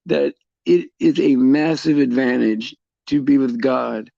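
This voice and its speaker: A middle-aged man hosting a casual faith talk for viewers, halting and repeating words as he restarts his sentences. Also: medium pitch, creaky, mellow, dry recording, muffled recording. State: tearful at times. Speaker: host.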